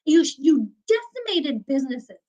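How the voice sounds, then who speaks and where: A woman's voice: high voice, very animated, a little slow, warm tone, lo-fi sound. A woman, a former news director giving an interview, ranting indignantly and swearing freely. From Canada. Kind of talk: heated interview talk.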